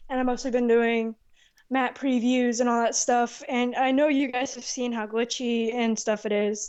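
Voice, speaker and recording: A woman's voice: fairly high pitch, a little mellow, muffled recording. A young woman in her teens, co-hosting a podcast in a casual, rambling way and often correcting herself. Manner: rambling, self-correcting, loses track. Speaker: podcast co-host, machinima maker.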